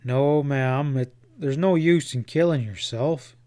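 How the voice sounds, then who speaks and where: Slow, growling cowboy guide, read by a man in a western audiobook, rough and patient. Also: medium pitch, dark tone, natural voice. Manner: growling frontier drawl, slow muttering. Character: gruff thick-set cowboy guide, patient but rough.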